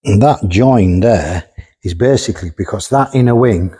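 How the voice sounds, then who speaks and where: Mellow and a little rough, his lowish voice moves at a moderate pace. He owns the workshop and hosts its car vlog, chatting casually during a walkaround, blunt, joking and quick to laugh.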